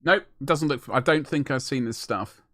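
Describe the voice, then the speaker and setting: A man's voice: mid-range voice, fairly quick, pushed and bright, dry recording, studio quality. A young man chatting casually and jokingly while painting miniatures on a live stream, rambling with self-mocking asides.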